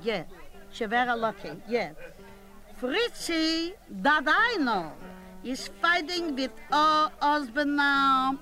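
A woman's voice: high-pitched, pushed and bright, full character voice, rough recording. A woman doing a bossy old gossip. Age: 80s. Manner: chattering, scolding, rambling gossip. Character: gossipy bossy elderly woman at a family gathering. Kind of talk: comic character monologue.

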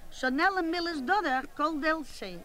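A woman's voice: sits high, normal speed, bright, forceful tone, slight background noise, poor audio. A woman playing a gossipy, bossy woman, rambling and scolding in a comic monologue. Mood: gossiping. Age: 80s. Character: gossipy bossy elderly woman at a family gathering.

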